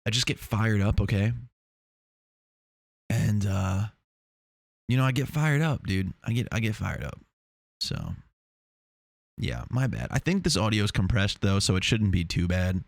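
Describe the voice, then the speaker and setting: This young podcast host from Long Island has a gravelly, lowish voice, talking a little slowly and pausing often during his casual solo monologue. Still, he's rambling, profane, and excitable, with many restarts, and the clean, echo-free sound comes from a lav or shotgun mic in a small foam-treated home room.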